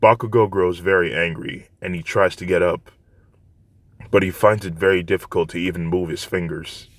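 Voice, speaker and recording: A man with a deep, low voice narrates a fan fiction story in a plain, unpolished way, restarting phrases as he goes. The recording is dry and close. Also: steady tone, normal speed, a bit bright, dry recording.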